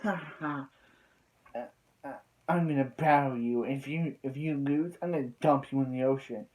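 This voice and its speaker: A man voicing a boastful rival who threatens to dump his opponents in the ocean, said in a plain, mellow voice close to his own. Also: mid-range voice, moderate pace, natural voice. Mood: taunting. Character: boastful rival boy with a spinning-top, threatening.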